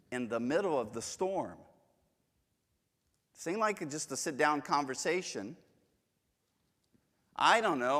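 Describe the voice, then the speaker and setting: A man's voice: a little high, fairly bright tone, in a large hall. A man teaching a Bible class in a casual, joking way, telling stories from home. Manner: chatty, joking, storytelling. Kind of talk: casual church lesson with anecdotes. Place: church hall.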